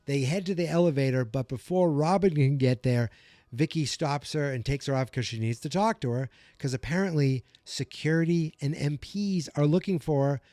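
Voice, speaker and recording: Male podcast host, solo recap; animated, venting, higher pitch, dry close sound. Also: normal speed, no echo. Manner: animated, gets worked up and vents.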